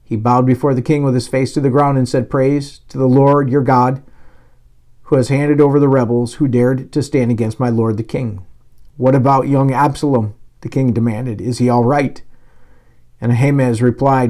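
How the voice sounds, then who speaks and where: At a normal speed and medium pitch, a male pastor reads a Bible passage, voicing its dialogue with lively emphasis. He occasionally trips over words and restarts.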